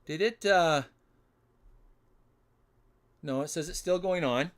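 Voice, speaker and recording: A man hosting a solo livestream giveaway, flustered and muttering to himself as he fumbles with the software. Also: on the high side, takes it slowly, smooth. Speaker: livestream host running a giveaway. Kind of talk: casual solo livestream chat.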